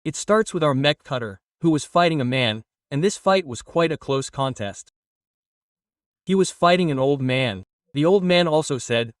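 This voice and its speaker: A man narrating an anime recap in a plain, steady, repetitive storytelling way. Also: on the high side, moderate pace, no echo. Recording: dry, a bit distant from mic.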